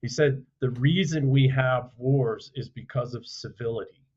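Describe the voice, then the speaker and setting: A man's voice: mid-range voice, a little slow, darkish tone. Guy on a podcast, blunt and sweary, keeps asking "right?", kinda muffled audio. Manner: blunt, profane, emphatic with rhetorical questions. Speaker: podcast guest, author and former soldier. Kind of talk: forceful conversational storytelling.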